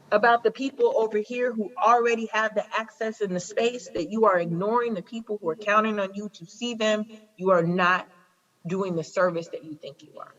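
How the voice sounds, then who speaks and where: A woman in her forties from Chicago, a prosecutor speaking as a guest, telling stories with emphasis and repeating her key phrases. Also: medium pitch. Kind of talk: impassioned conversational talk. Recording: slightly dull lo-fi recording.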